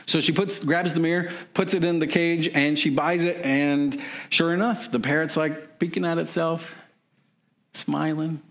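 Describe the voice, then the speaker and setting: A man's voice: fairly high pitch, fairly even intonation, measured pace. A man preaching, telling a long joke as an illustration, rambling and repetitive with many restarts. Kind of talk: sermon storytelling.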